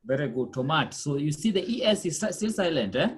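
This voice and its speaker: Teacher drilling pronunciation, mid pitch, really bouncy up-and-down delivery, keeps asking okay?. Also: very animated, fast. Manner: quizzing, checks in with "okay?" and "eh?"; repeats and drills words patiently. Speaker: language teacher. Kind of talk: classroom pronunciation lesson.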